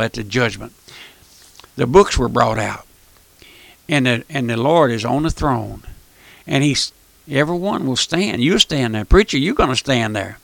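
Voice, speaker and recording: A man's voice: medium pitch, gravelly, a bit bright, no echo. A man preaching a fervent radio sermon, often repeating phrases and calling the listener "my friend". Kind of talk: fire-and-brimstone radio sermon.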